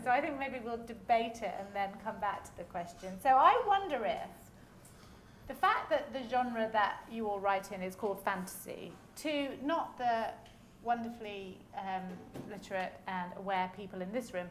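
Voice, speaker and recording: Woman moderator on a festival stage, quick and chatty, slightly high voice, roomy hall sound. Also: slight background noise. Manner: fast-talking, chatty, laughs often. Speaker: panel chair. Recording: echoey hall, faint ambience.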